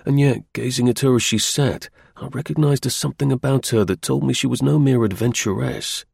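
A man narrating a period novel in a measured, formal storytelling manner. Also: medium pitch, creaky, darkish tone, husky, dry recording, studio quality. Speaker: audiobook narrator.

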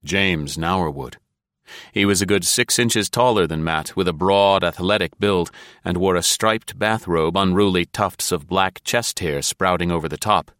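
A male narrator with a very deep, low voice reads a thriller in a steady, measured way. The sound is close and completely dry, like a studio booth. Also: clean tone, no room sound. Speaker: audiobook narrator. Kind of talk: scripted narration.

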